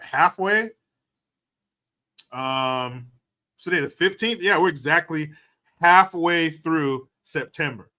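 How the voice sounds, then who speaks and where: Animated, foul-mouthed male streamer. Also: fairly high pitch. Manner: profane, mocking, animated. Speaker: livestream host. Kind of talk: casual livestream commentary.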